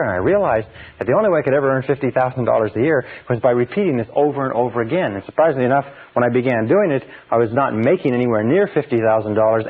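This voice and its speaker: Man lecturing over a tinny line. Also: medium pitch. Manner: emphatic, repeats phrases for stress. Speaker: seminar speaker. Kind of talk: motivational seminar lecture. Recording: tinny phone-like old seminar recording.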